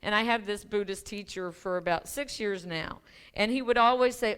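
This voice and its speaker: A woman's voice: medium pitch, normal speed, a bit bright, clear, resonant tone. A middle-aged woman minister giving a casual, conversational sermon in church, with laughing asides and frequent ums and restarts. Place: church sanctuary.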